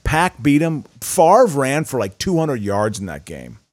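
A man's voice: mid-range voice, sing-song, a little slow, no echo. Stammering man in casual chat. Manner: stammering, repeats words. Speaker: podcast co-host.

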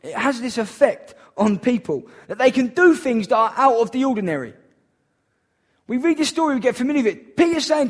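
A man's voice: extremely high pitch, expressive, brisk. A man preaching a sermon in an earnest, emphatic way, repeating key phrases for weight.

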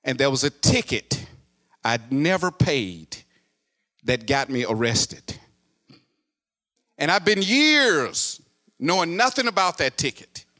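A male preacher telling a story in a sermon, dropping to a hush, then rising to loud, animated exclamations. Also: on the high side, takes it slowly, pauses often. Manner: animated, swinging from hushed narration to loud exclamations.

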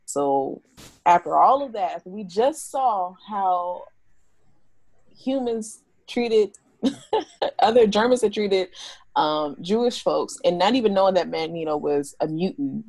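A chatty woman with a low voice trades takes with her co-hosts, laughing often and restarting her sentences. Her tone is gravelly and fry-laden, and the sound is close and dry. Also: lively intonation, a little slow, darkish tone, no room sound. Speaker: podcast co-host. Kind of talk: casual chat.

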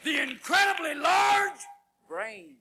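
A man performing a comedy sermon as a manic evangelical preacher, booming and preachy with shouted exclamations. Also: slow, creaky, exaggerated voice. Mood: preaching. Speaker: stand-up comedian. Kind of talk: comic sermon parody. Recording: live show with loud crowd and noise.

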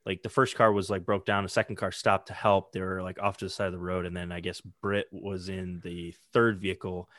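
A man's voice: low voice, little pitch movement, a little fast, hardly any pauses, a bit bright, no echo, clean studio sound. A man co-hosting a casual sports podcast, rambling and hesitant, full of "um" and "like". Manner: rambling, hesitant, many fillers. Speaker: podcast co-host.

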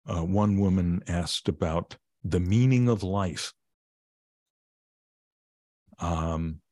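Brief: male guest, meditation teacher, lowish voice, plain-spoken and gently wry, dry close podcast sound. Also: dry recording. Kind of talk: conversational podcast interview.

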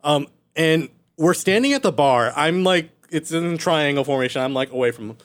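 A man's voice: a little high, lively intonation, normal speed. A man co-hosting a podcast, telling a bar story in a casual way and acting out his friends' quoted lines. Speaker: podcast co-host. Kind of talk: casual chat, telling an anecdote.

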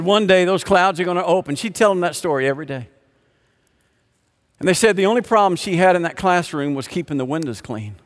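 An older man preaching with a fairly high voice, swinging between fervent emphasis and hushed, tender moments. His sermon rings out in a hall with a long, lingering echo. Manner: impassioned, emphatic preaching with rhetorical questions. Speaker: pastor. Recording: long reverb of a large hall.

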